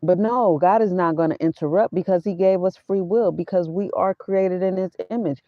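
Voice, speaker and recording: A woman with a lowish voice speaks at a moderate pace from inside her van, offering a preachy yet casual spiritual talk for her vlog. She quotes scripture and mixes in slang. The audio is dull and dry, without echo.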